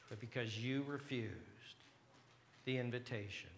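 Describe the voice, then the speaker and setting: Impassioned preacher man, bright voice. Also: medium pitch, animated, moderate pace, slight background noise. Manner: impassioned preaching, swinging from hushed whispers to shouted pleas. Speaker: pastor. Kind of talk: sermon.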